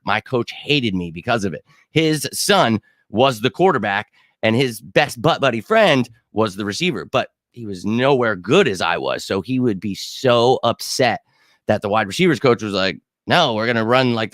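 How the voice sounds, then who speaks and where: On his own football show, a man with a fairly low, fairly bright voice rants heatedly and profanely during a casual livestream, responding to viewers' chat comments. The audio is clean studio sound with no echo.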